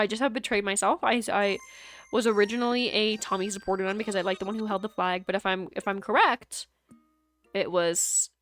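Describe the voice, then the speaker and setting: A woman's voice: mid-range voice, a bit bright, no room sound. Giggly woman rambling while she games, usb mic at home, faint music behind. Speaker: streamer. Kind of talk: casual gameplay chat. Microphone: USB microphone.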